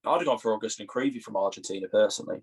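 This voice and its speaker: A young English man co-hosting a podcast in casual, teasing banter, quick to laugh at his own jokes. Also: on the low side, slightly rough. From England. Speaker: podcast co-host.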